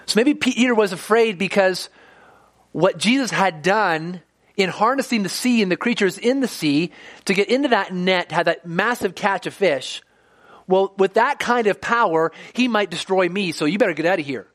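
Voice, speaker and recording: A man with a rather high voice gives a sermon. His delivery is conversational rather than formal, and he sometimes slips into the voices of the people he quotes. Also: expressive, normal speed, a bit bright. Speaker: pastor.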